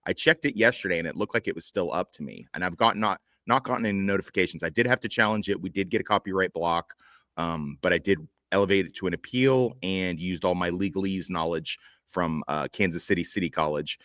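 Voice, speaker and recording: A man's voice: low-pitched, fairly quick, a bit bright, dry recording. A man hosting a casual group chat, joking, teasing and swearing freely. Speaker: podcast host.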